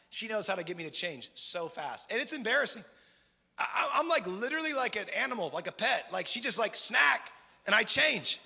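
High-voiced, gravelly man preaching in a hall. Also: pushed and bright. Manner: passionate, conversational preaching with rising emphatic peaks. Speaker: pastor. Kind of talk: sermon. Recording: long hall reverb.

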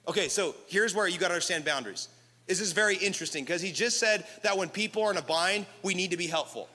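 A young man preaching a sermon to his congregation, with animated, playful asides to the crowd. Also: sits high, fast. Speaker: pastor. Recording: reverberant hall.

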